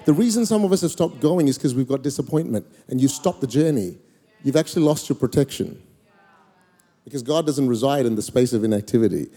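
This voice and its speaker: Man, pastor, thirties, comic storytelling sermon, mellow voice, long hall echo. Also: mid-range voice, brisk. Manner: animated, comic storytelling with sudden loud peaks. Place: large church hall.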